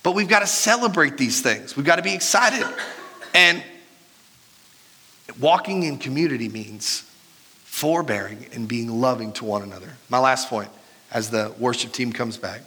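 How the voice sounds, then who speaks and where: A man in his thirties preaching a sermon as pastor, animated and joking, laughing at his own stories. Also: medium pitch, normal speed, husky. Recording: reverberant hall with faint music.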